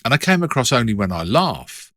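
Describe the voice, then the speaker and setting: Middle-aged man, low voice, animated swings, dry close mic, chatty co-host. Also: brisk, no echo. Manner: animated storytelling, hesitant restarts. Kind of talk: casual chat.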